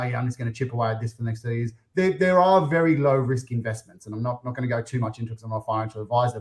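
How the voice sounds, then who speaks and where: An Australian man hosting a casual property investing podcast, chatty and quick to act out what his clients say. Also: medium pitch. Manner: chatty, acts out clients' voices.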